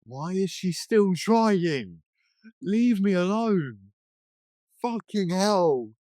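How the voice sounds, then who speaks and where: A man's voice: high voice, sing-song, drawn-out words, warm tone, no echo, clean studio sound. Young man with blunt sweary interjections. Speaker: podcast co-host. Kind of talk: casual chat.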